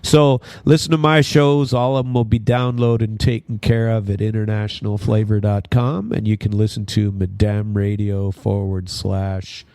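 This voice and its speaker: Low gravelly guy doing his radio show, rambly, um and uh everywhere, dry sound. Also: little pitch movement, moderate pace, hardly any pauses, darkish tone, no echo. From Minnesota. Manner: rambling, many fillers and restarts. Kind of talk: casual news commentary monologue.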